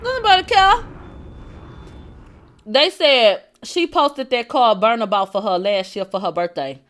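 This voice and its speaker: A woman hosting a celebrity gossip livestream. She talks in a brash, profane way, laughs, answers her chat, and swings from low asides to loud outbursts. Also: expressive, moderate pace. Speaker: host of a celebrity gossip show. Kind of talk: livestream entertainment gossip commentary.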